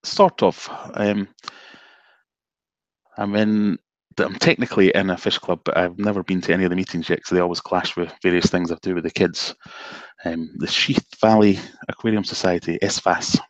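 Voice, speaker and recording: A man's voice: deep voice, steady tone, moderate pace, no echo, highs cut off. A Scottish man from south of Glasgow, a guest fishkeeper chatting relaxedly on a live stream from his home office, self-deprecating and easygoing. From Scotland, south of Glasgow. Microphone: video call.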